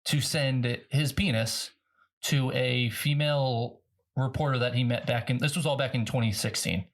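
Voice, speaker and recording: A man co-hosting a casual podcast, making dry, deadpan asides while telling a story. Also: mid-range voice, moderate pace. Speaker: podcast co-host. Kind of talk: casual chat.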